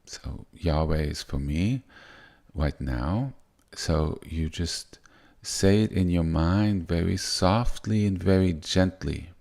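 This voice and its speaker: A man giving a gentle spiritual teaching in a soft, unhurried way that wanders and restarts. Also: deep voice, gravelly.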